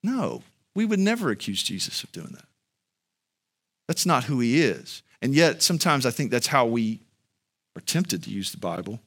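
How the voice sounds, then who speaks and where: A man delivers a sermon in an earnest, conversational way, talking straight to his congregation. His voice sits at an ordinary middle pitch, then climbs high and loud when he drives a point home. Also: lively intonation, normal speed, pauses often, breathy edge. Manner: conversational, addresses the congregation directly. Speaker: pastor.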